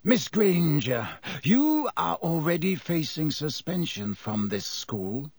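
A man voicing a cold, vengeful male schoolteacher with a silky, contemptuous, slow menace. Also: on the high side, sing-song, breathy edge, dry recording, pitched above the performer's own voice, exaggerated voice. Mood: furious.

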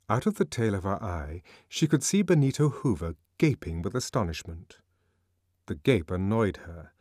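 A man narrating a novel as an audiobook, in an expressive, measured reading. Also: on the low side, no echo, studio quality.

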